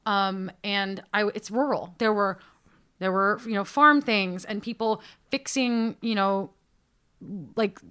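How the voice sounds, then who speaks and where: Bright-voiced woman, chatty and animated, recounting a mishap in casual conversation. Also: mid-range voice, slow, clear, resonant tone. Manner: animated, self-mocking, lots of fillers. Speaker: podcast guest telling a travel story. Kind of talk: casual storytelling chat.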